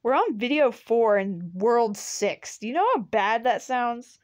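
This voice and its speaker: A woman hosting a gaming video, chatting casually with a friend while she plays. She giggles often, gets excited easily, and reads chat messages aloud. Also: a little high, measured pace. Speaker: channel host and player.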